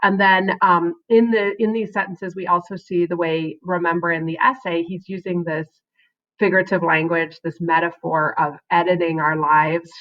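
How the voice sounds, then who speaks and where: A woman's voice: lowish voice, lo-fi sound. A woman teacher giving a recorded writing lesson to her class, encouraging and often checking in with "right?" between points.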